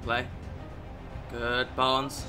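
A young man commenting on his own football video game match, moving from quiet mutters to furious, swearing shouts. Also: medium pitch, monotone, drawn-out words, over music. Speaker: gaming YouTuber. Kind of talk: live gameplay commentary.

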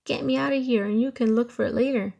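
A lonesome female jukebox talks in a folksy, lamenting way in a storybook. A woman voices her with a gravelly, fairly high voice. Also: fast talker, darkish tone. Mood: sassy. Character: sad, sassy female talking jukebox.

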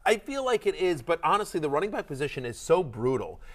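A man co-hosting a fantasy football show, talking in an excitable, rambling way with lots of restarts. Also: on the high side, quick pace. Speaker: fantasy football analyst and co-host. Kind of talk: animated sports podcast chat. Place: studio.

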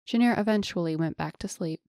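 A woman narrating a fantasy audiobook in a measured storytelling manner. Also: on the low side, a little mellow, dry recording, clean studio sound.

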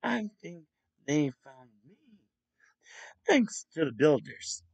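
A man voicing a polite, eager young bear in a storybook reading, speaking high and politely. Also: very animated, slow, creaky, a little mellow, husky, no room sound, exaggerated voice. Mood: modest.

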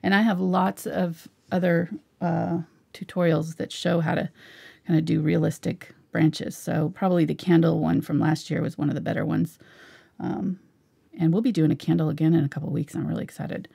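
A woman's voice: low-pitched, level tone, moderate pace, vocal fry, mellow, husky. A middle-aged woman teaching a live painting tutorial, chatting casually while she paints. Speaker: painting instructor.

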